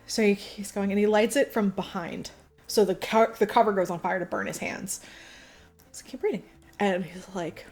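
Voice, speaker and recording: A woman co-hosting a podcast, casually retelling a film plot, acting out quotes and laughing often. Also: medium pitch. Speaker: podcast co-host. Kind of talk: casual movie recap chat.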